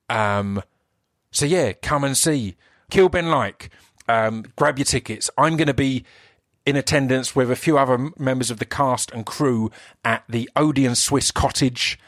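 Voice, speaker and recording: Podcast host, a man with an Essex accent, mid-range voice in a dry booth, talks fast and excited with lots of restarts. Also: medium pitch, no room sound. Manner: enthusiastic, rambling, self-interrupting. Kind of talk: solo podcast intro.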